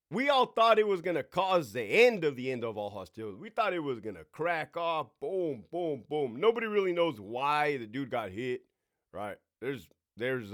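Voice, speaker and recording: Man, 40s, ex-prison officer, casual profane storytelling, lively pitch, slightly high voice. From California. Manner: animated and profane, with sound effects and asides to himself. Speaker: host, former prison officer.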